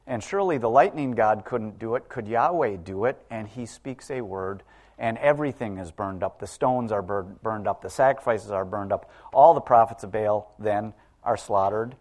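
A man's voice: lowish voice, moderate pace, darkish tone. A man preaching a sermon in a conversational way, often asking the congregation rhetorical questions.

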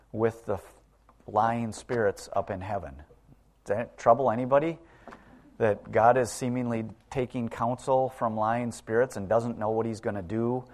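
A man preaching to his congregation in a relaxed, conversational sermon. He often stops to put rhetorical questions to his listeners. His voice sits at a middle pitch for a man.

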